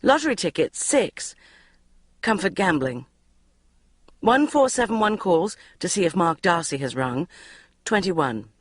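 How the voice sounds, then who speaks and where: A woman's voice: lowish voice, sing-song, unhurried, pauses often, breathy edge, no echo. A woman narrating a comic first-person diary audiobook in a wry, self-mocking way.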